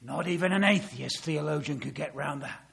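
A middle-aged man preaching a sermon, dramatic, swelling loud on key words and dropping to a hush. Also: on the high side, normal speed, gravelly.

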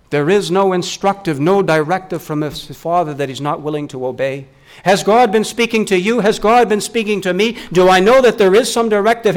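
Male preacher with a high voice, dynamic sermon delivery, drops to near whispers for emphasis. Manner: swings from loud rising questions to hushed low emphasis; self-correcting, repeats words.

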